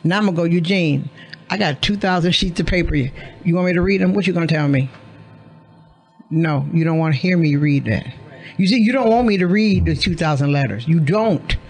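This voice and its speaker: A woman's voice: on the low side, fairly quick, husky. A woman radio host talking in a studio, explaining emphatically and acting out quoted dialogue. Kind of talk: casual radio conversation.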